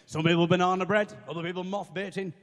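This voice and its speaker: Deadpan man doing stand-up in a hall. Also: high-pitched, quick pace. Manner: deadpan, self-deprecating banter with the audience. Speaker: stand-up comedian. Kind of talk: stand-up comedy with comic songs. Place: live comedy venue. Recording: long reverb of a hall.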